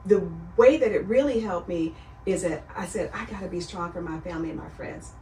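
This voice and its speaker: Middle-aged woman guest, earnest and lively, recorded in an echoey room at a distance. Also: on the low side, brisk, a little hiss or hum. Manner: earnest storytelling, animated when quoting others. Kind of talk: casual chat. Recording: roomy sound, far from the mic.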